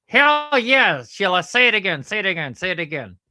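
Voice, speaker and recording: A woman's voice: medium pitch, sing-song, brisk, sharp tone, no echo. A woman voicing a crude, cheeky male platypus puppet in a ventriloquist comedy act, brash and teasing, always calling the host by name. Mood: indignant. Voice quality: brash, teasing, keeps saying the host's name.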